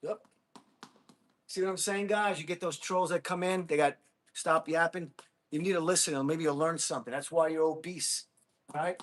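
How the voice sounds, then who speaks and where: High-voiced whooping livestreamer man. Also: brisk, a little hiss or hum. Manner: energetic, whooping, talking to chat between hits; blunt and combative toward trolls. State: exerting himself while hitting a ball. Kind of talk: casual livestream chat while training.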